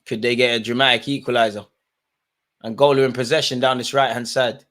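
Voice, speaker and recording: A man hosts a live football watch-along. He talks in loose street slang and flips between low muttered asides and excited shouts. His voice sits at a middling pitch for a man. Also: brisk.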